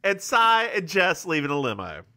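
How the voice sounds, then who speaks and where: A man's voice: a little high, wildly swooping pitch, moderate pace, bright, forceful tone. A man co-hosting a podcast, recapping a TV episode in casual chat and playfully acting out the characters in voices. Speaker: podcast co-host.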